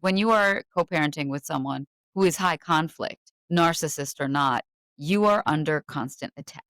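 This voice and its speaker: Low-voiced reflective podcast host woman. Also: normal speed, no echo. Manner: empathetic, reflective commentary with animated mock quotes. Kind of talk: conversational interview.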